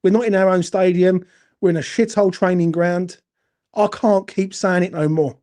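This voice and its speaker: Angry high-voiced football fan. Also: male voice, steady tone, normal speed, warm tone. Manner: angry, emotional, sweary, repetitive. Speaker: fan channel host. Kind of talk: impassioned fan rant.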